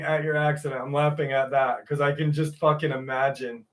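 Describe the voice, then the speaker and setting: A man's voice: a little high, level tone, brisk, few pauses. A man hosting a live stream, chatting casually with viewers by name, swearing freely, and reading out a story.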